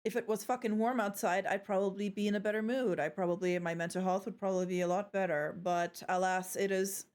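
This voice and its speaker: A young woman streaming live, chatting playfully with her viewers, joking and swearing as she goes. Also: medium pitch. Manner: playful, chatty, swears freely, trails off and restarts.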